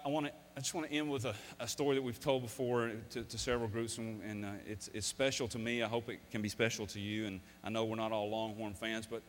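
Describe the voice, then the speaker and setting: A man's voice: mid-range voice, a bit bright, slight background noise. Folksy middle-aged man telling stories in a hall. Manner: folksy, emphatic storyteller. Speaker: speaker, former football coach. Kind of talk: motivational storytelling talk. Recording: long hall reverb.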